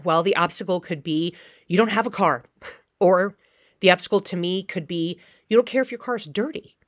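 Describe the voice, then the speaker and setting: A woman with a lowish voice teaches acting in a recorded lecture, and she slips into short acted-out pleas and threats to show each point. The sound is dry and close, with no room echo. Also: normal speed. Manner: acts out short quoted pleas and threats as examples. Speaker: theater teacher.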